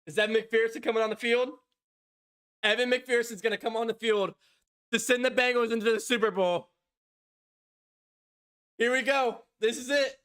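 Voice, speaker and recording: A man doing live fan play-by-play on a stream. He swings from loud, shouted excitement to soft, stunned murmuring, with frequent laughter. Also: extremely high pitch, normal speed, pauses often, smooth. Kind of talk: live fan reaction commentary.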